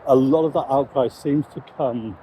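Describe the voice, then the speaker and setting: A man, a Christian commentator, giving measured, reflective commentary on current events. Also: medium pitch, mellow, slight background noise, low-quality recording.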